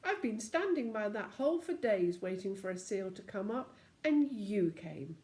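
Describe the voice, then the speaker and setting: An older woman voicing a bossy, self-satisfied male snowman king in a soft, snowy voice while reading a storybook aloud. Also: medium pitch, sing-song, moderate pace, natural voice.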